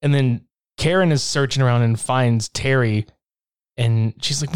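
A man in casual chat, recapping a horror film with lots of swearing and laughter, acting out lines in quick impressions. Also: medium pitch, smooth. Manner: profane, laughing, acts out scenes in quick impressions. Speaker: podcast co-host recapping a film.

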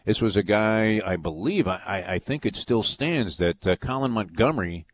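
A man's voice: lowish voice, normal speed. A man hosting a sports radio show, telling long rambling stories with lots of fillers and restarts. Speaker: radio sports talk host. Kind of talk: casual storytelling on sports radio.

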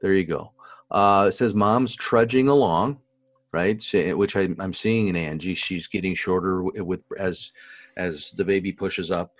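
A man's voice: low-pitched, a little slow, no room sound. A man co-hosting a podcast, chatting casually and animatedly with his co-host, laughing often. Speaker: podcast co-host, expectant father. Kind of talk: casual chat.

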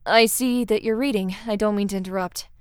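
A woman reading the lines of a shy, halting male god of the dead in a storybook narration. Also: medium pitch, steady tone, clear, resonant tone, no echo, studio quality, lightly acted. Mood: flustered. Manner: halting, apologetic.

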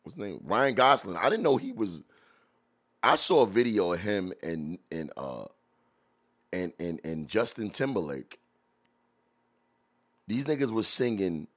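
A man hosting a podcast, reacting to old videos in blunt, profane casual chat, laughing loudly as he jokes, into a studio mic. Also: fairly low pitch, big pitch swings, a little slow, pauses often. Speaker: podcast host.

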